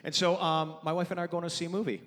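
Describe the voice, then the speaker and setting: A man's voice: a little high, flat delivery, rapid-fire, a bit bright. A man doing a stand-up comedy set in a large theater, working the crowd with brash, mock-exasperated rants. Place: large theater with live audience. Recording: long hall reverb, audience noise.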